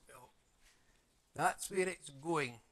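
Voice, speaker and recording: A man's voice: a little high, extremely slow, fairly bright tone. A man chatting casually on a live stream, muttering to himself as he fits small parts together and talking to his viewers. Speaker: live streamer building a model kit. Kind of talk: casual live-stream chat while working. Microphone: streaming mic with adjustable audio settings.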